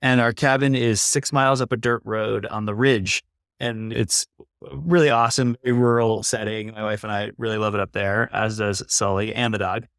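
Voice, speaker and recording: A man's voice: on the low side, fairly even intonation, moderate pace, a bit bright, clear, resonant tone, no room sound. Earnest man in his thirties, dry sound. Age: 30s. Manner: earnest, reflective, uses "like" often. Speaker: podcast guest, climate investor. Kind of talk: casual conversation.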